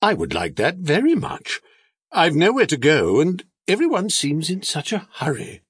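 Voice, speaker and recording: A man's voice: fairly high pitch, huge pitch swings, moderate pace, breathy edge, no echo, voice pushed up, heavily acted. A man voicing a small, polite, formal bear from Peru in a storybook reading. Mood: grateful.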